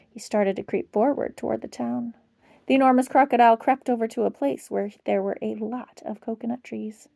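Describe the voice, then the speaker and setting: A woman reading a children's book aloud as a bedtime story, in an expressive, dramatic storytelling manner. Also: fairly high pitch, a little fast, gravelly, dry recording, clean studio sound.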